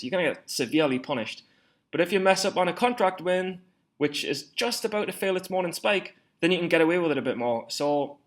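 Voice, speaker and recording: A man in his twenties talking through his stock trades in a casual, rambling way, swearing often and laughing at himself. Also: mid-range voice. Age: 20s. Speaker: stock trading vlogger. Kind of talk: casual screen-share commentary.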